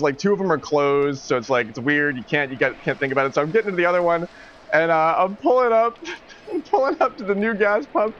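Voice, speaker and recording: A man's voice: high voice, fairly bright tone. Rambling, swearing man telling a story. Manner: rambling, swears a lot, laughs through the story. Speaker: streamer. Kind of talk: casual storytelling to a live chat. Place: at home. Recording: dull lo-fi stream audio with faint noise.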